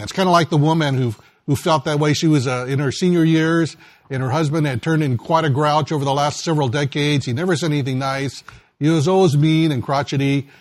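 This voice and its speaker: A man's voice: a little high, no room sound. A man preaching a sermon in a folksy storytelling way, acting out the voices in a joke. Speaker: pastor.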